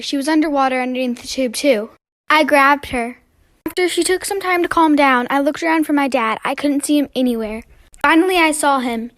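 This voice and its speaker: Young woman with a high voice, storytime. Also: no echo. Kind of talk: casual storytime narration.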